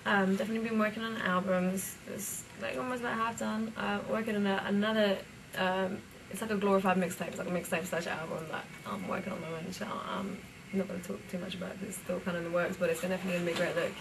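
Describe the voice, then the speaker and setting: A woman's voice: mid-range voice, fairly even intonation, quick pace, creaky. A young woman from the UK with a British accent, a rapper chatting casually in an interview, full of fillers and easy laughs. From United Kingdom. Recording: distant mic, faint ambient noise.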